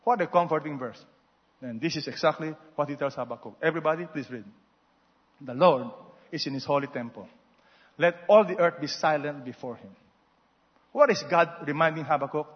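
A man preaching a sermon, swinging between loud exhortations and soft asides and having the congregation repeat after him. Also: fairly high pitch, a little fast, pauses often, slightly rough. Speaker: pastor. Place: large church hall. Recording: muffled sound with long hall reverb.

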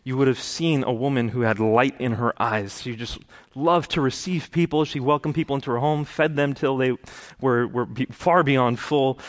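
A man giving a sermon about his own conversion, telling it earnestly and rising to impassioned preaching. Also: mid-range voice. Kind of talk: testimony sermon.

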